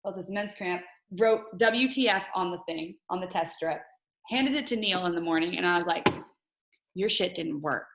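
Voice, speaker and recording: A woman's voice: fairly low pitch, moderate pace, fairly bright tone, echoey room, rough recording. A woman coach hosting a casual team video call, chatty and candid, often laughing as she talks.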